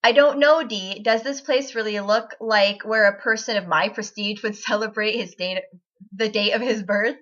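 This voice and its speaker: A woman's voice: mid-range voice, normal speed, a bit bright, close to an everyday voice. A woman reading aloud the lines of a smug, self-important grown man from fan fiction, in a haughty, dismissive manner, on dull lo-fi audio. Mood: pompous.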